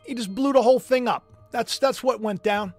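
A man hosting a livestream commentary show, excitable and animated, chatty with jokey asides. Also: extremely high pitch, a little fast, no echo, faint music behind. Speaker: host.

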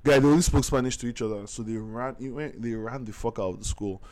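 Guy, podcast host, spins anecdotes with loud laughs and slang, medium voice. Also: medium pitch, fast. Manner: animated, laughs often, lots of slang. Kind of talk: casual storytelling chat.

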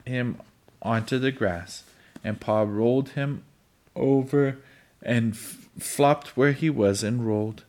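A man reading a children's storybook aloud, halting and stumbling over words. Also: medium pitch. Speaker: reader.

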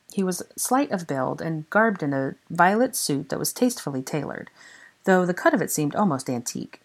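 A woman reading a fan-written novel aloud as narrator, expressive and unhurried. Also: low voice. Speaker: fan audiobook reader. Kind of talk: storybook narration.

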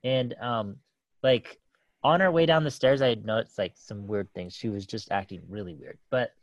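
A man's voice: fairly low pitch, normal speed, no echo, dull audio. A man in his thirties casually telling a story about his kids, rambling with lots of fillers and restarts and laughing often.

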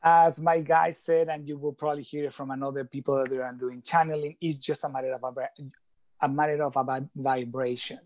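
A man's voice: medium pitch, steady tone, a little mellow, no echo. Earnest man explaining, dry sound. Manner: earnest, explanatory, slightly halting phrasing. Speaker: guest, life coach. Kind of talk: conversational interview talk.

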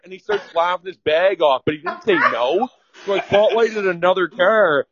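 A man's voice: high voice, brisk, dull audio. A young man from Ontario telling a rowdy, profane story in casual chat, rambling and laughing as he goes. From Ontario, Canada.

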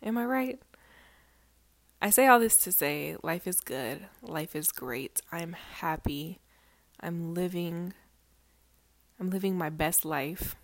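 Young woman vlogging, kinda low voice, rambly and sweary, laughs a lot, dry close sound, sounds a bit teary. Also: no echo. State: emotional, near tears. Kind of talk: casual chat to followers.

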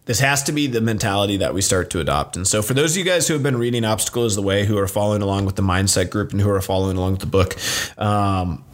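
A man's voice: fairly low pitch, fast. A man who runs a gym, giving his members a casual, earnest motivational talk full of fillers. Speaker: gym owner and coach.

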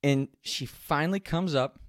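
A man's voice: fairly high pitch, unhurried, dry recording, studio quality. A man telling a candid, profane story in a casual way, often laughing as he goes. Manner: laughs through his own story.

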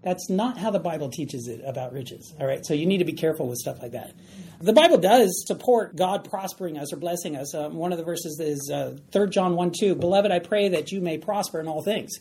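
A man's voice: a little high, expressive, fairly quick, dark tone. A man teaching a Bible study class, conversational and often checking in with the group. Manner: conversational, checks in with "all right?". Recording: faint background noise.

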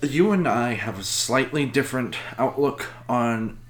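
A man's voice: medium pitch, expressive, slight background noise. A man co-hosting a podcast who speaks casually, often restarting his sentences as he steers the conversation with questions. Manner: halting, restarts and prompts questions. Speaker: podcast co-host. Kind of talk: casual chat.

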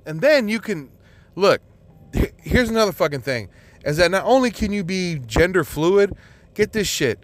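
A man's voice: high voice, a bit bright. A man hosting his own podcast, ranting in an exasperated, rambling way with constant swearing and lots of fillers. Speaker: podcast host. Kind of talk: profane solo podcast rant.

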